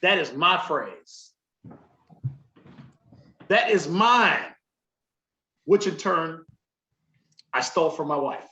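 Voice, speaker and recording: A man co-hosting a podcast who tells stories in a lively, laughing, profane way, his voice sitting a little high for a man. He sounds recorded in a roomy space with a slightly muffled, dull tone. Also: takes it slowly, pauses often. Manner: animated, swearing, laughing storyteller. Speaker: podcast co-host. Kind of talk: casual chat.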